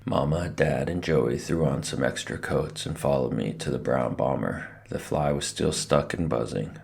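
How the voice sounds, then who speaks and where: Very deep, gravelly man reading aloud. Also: moderate pace. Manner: expressive, lively. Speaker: narrator. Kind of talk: storybook read-aloud.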